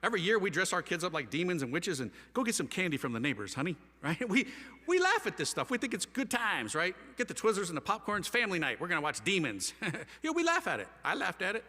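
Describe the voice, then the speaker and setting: A man giving an impassioned, slangy testimony to a live audience, his storytelling swinging between loud and hushed. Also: high voice, quick pace. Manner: animated, slangy storytelling with wide swings of loudness. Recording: hall reverb.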